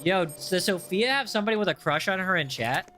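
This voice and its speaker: A young man hosting a casual game livestream, reading chat aloud in an excitable, jokey way with frequent restarts. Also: high voice, fairly quick, faint music behind. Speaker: livestream host.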